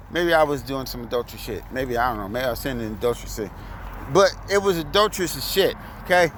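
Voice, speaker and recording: High-voiced man ranting outdoors. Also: slight background noise. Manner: profane, animated, laughing storytelling. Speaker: vlogger. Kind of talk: casual storytelling rant.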